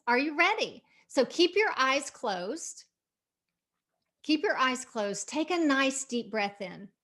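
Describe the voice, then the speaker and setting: A woman's voice: high-pitched, a bit bright. A middle-aged woman hosting a podcast, coaching listeners through a motivational visualization and repeating her phrases for emphasis. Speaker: podcast host.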